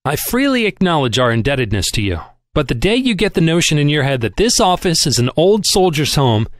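A man's voice: a little high, sing-song, fairly quick, dry recording, clean studio sound. A man voicing a crusty, shrewd old shipping magnate who barks and chirps by turns, in an audiobook reading. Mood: teasing. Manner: barking, chirpy and teasing by turns.

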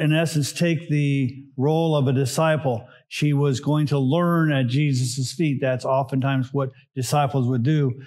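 A middle-aged man, a pastor, preaching a sermon in a relaxed teaching way with frequent "uh"s and side remarks. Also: a little high. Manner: conversational teaching with asides and filler "uh"s.

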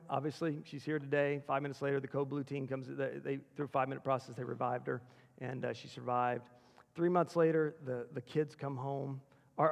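A man speaking at a school chapel, telling personal stories in an earnest way that swings from hushed to excited. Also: fairly high pitch, creaky. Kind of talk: personal storytelling sermon. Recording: echoey hall.

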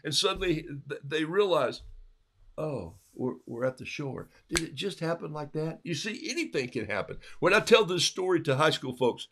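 A man telling a Bible story casually, in an animated way, acting out the quotes in different voices. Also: on the high side, a little fast, few pauses.

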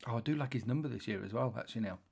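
Male podcast co-host, casual chatty delivery, mid pitch. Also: rapid-fire, creaky, darkish tone, slightly rough. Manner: chatty, laughing at tech troubles. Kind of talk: casual chat.

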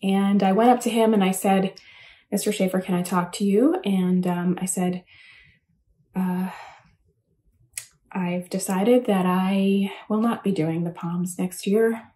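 Woman rambling thru a graduation speech, lots of ums, mellow low-key tone. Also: fairly even intonation, a little slow, long pauses. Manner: rambling, self-deprecating, chatty with many fillers. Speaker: commencement speaker. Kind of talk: casual speech. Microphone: home recording for a virtual address.

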